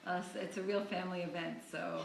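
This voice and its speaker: A woman's voice: fairly low pitch, fairly even intonation, creaky, reverberant, a little hiss or hum, low-quality recording. A woman, a shop owner, talking up her event in a casual interview, upbeat and enthusiastic. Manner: upbeat, enthusiastic, quick laughs. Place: cake supply store.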